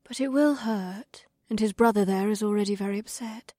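A serene young orc shaman woman, as a male narrator puts her on, speaking gently in a high, airy, breathy voice. Her tone is mellow and soft, recorded close and dry for a storybook reading. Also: normal speed, no echo. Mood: gentle.

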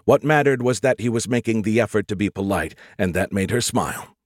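In a clean studio recording with a dry sound, a man with a lowish voice reads an audiobook at a steady, measured pace.

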